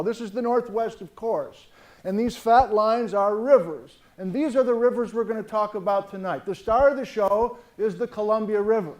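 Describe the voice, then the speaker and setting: An American man giving a public geology lecture to a live audience, telling stories and acting out the dialogue. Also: sits high. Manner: animated storyteller, acts out quoted dialogue.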